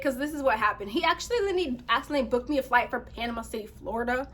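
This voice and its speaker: Animated woman telling a story, higher voice. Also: fast, few pauses. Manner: animated, laughs often, reads text messages aloud. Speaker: storytime vlogger. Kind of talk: casual storytelling to camera.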